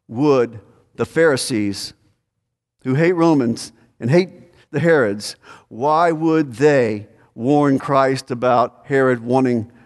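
A man preaching a conversational expository sermon, asking questions and pressing his points with emphasis. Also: mid-range voice. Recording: hall reverb.

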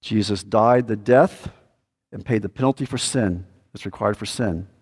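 A male pastor preaching a sermon, emphatic and repetitive, swinging from loud declarations to a hushed, earnest plea. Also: fairly low pitch, normal speed, slightly rough.

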